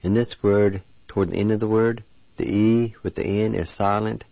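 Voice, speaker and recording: A man teaching a language lesson, slowly sounding out each word syllable by syllable. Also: lowish voice, steady tone, gravelly, mellow, no echo, dull audio. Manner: slow, breaks words into syllables.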